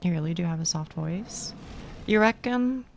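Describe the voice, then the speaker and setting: A woman streamer talks casually while she plays, her voice low and gruff with a gravelly rasp. She rambles and cuts herself off mid-sentence, laughing easily. A faint noise sits under the recording. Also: moderate pace, a little mellow. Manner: rambling, self-interrupting, laughs often. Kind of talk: casual chat while gaming.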